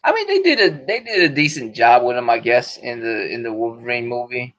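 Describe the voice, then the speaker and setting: A man chatting loosely on a podcast, his talk full of slang and swearing and often breaking into laughs. His voice sits at an ordinary middle pitch, and the recording is dull and lo-fi. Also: very animated, fairly quick, fairly bright tone. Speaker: podcast host. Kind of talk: casual podcast chat.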